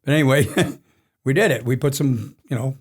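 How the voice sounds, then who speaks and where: A man's voice: mid-range voice, normal speed. A man in his sixties, a racing crew chief, telling rambling stories in a casual interview with frequent chuckles. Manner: rambling anecdotal storyteller, chuckles often. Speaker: NASCAR crew chief guest.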